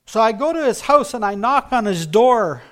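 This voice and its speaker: A man preaching a sermon built on his own testimony, telling it earnestly and dropping to a hush for emphasis. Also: very high-pitched, expressive, normal speed.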